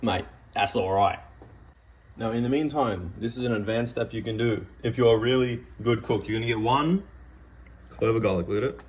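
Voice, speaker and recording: A man's voice: lowish voice, moderate pace, a little hiss or hum. A man giving a rambling, joking cooking demonstration in a home kitchen. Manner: joking, rambling, self-deprecating. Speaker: cooking vlogger.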